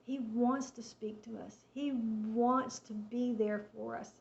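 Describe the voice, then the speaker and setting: A high-voiced woman tells a personal faith testimony in a casual, chatty way, acting out each exchange as she retells it. Her voice comes through an echoey room on a muffled, lo-fi recording. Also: takes it slowly, gravelly. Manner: chatty, animated retelling with quoted dialogue. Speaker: storyteller sharing a faith testimony. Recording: echoey room, dull lo-fi sound.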